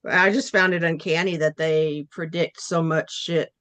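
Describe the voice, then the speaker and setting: A woman's voice: low voice, steady tone, measured pace, fairly bright tone. A woman chatting casually, blunt and teasing, swearing freely. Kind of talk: casual chat.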